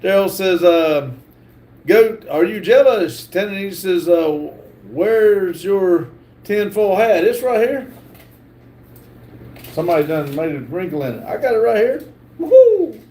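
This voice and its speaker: A middle-aged man hosting a livestream, reading viewer comments aloud haltingly and stumbling over words. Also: high voice, a little mellow. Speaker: livestream host reading chat. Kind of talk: casual live chat reading.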